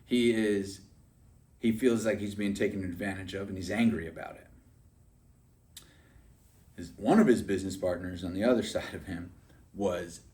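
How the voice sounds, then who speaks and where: Low-voiced man coaching, recorded from afar. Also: normal speed, long pauses, a little mellow, distant mic. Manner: conversational, keeps checking in with the listener by asking "right?". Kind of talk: motivational training talk.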